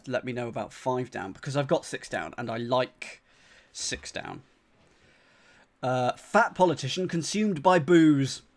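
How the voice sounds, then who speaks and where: A man from the UK streaming live as he solves a crossword, thinking aloud, repeating clues and talking to his chat with lots of fillers and restarts. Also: mid-range voice. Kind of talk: casual live-stream commentary.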